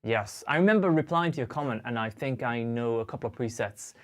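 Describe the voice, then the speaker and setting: A man's voice: mid-range voice, a little fast. A young man chats casually with viewers during a guitar livestream. He sounds upbeat and friendly, with a mid-range voice, and he reads out comments and greets people by name in a loose, rambling way. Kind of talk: casual live-stream chat.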